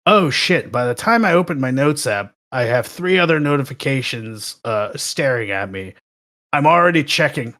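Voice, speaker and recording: A man guesting on a podcast, chatting casually and telling animated stories with plenty of swearing. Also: medium pitch, moderate pace. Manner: swears freely, animated storytelling. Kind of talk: casual chat.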